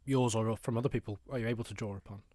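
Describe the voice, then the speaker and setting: A man hosting a radio interview, asking measured, probing questions. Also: lowish voice, fairly even intonation, a little mellow, dry recording, studio quality. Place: radio studio.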